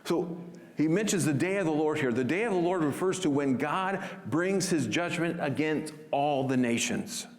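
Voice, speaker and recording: A man preaching a sermon with a lively, swooping delivery and a voice that sits slightly high. He leans into phrases and sometimes drops to a hush for emphasis. The sound carries a long hall reverb. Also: normal speed. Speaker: pastor.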